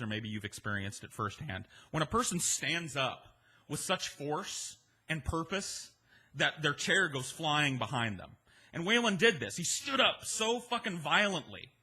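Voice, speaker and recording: Husky, profane male storyteller. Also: on the high side. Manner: profane, animated, conversational. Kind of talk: comedic storytelling monologue.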